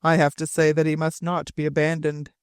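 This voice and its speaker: Guy doing a rough old frontier sailor, choppy and insistent, slightly high voice, dry sound. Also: completely flat delivery, fairly quick, no echo, natural voice. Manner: broken, repetitive, emphatic phrasing.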